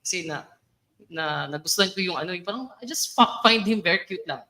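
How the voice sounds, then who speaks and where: A young adult Filipino speaker gives a chatty, playful talk at a student orientation, mixing English with local phrases and laughing often. The mid-range voice is expressive, fast, bright and forceful, though the recording is low-quality.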